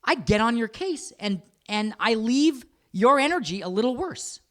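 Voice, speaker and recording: A middle-aged man co-hosting a podcast in casual chat, animated and swearing freely, sometimes slipping into jokey put-on voices. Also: very high-pitched, normal speed. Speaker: podcast co-host.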